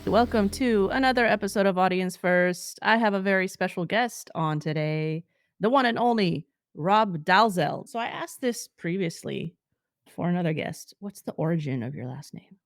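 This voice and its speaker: A woman's voice: mid-range voice, no echo, clean studio sound. Playful woman hosting a podcast. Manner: playful, curious, quick to laugh. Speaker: podcast host. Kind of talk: casual interview chat.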